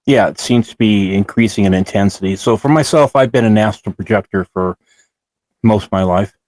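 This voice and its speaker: A man's voice: on the low side, normal speed, darkish tone, no room sound. A middle-aged man co-hosting a show, recounting his own experiences in a rambling way with many restarts. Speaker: co-host. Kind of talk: casual first-person storytelling.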